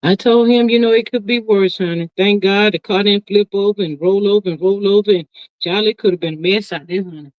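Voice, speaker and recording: A woman's voice: mid-range voice, no room sound. Woman, middle-aged, live-stream host, folksy, emphatic, dry lo-fi sound. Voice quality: folksy, peppers talk with "honey" and "child". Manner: chatty, emphatic, drawn-out asides. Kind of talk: casual live-stream chat reading viewer comments. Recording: dry, slightly muffled lo-fi sound.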